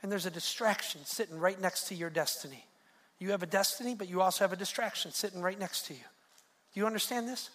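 A man's voice: high-pitched, fast talker, a bit bright. A male pastor preaching a sermon, fervent and repetitive, with a driving preaching cadence.

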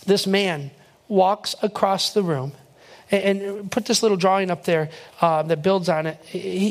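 A young man, a pastor, tells a personal story during a sermon, acting out his own reactions as he builds toward emphatic preaching. His voice sits high.

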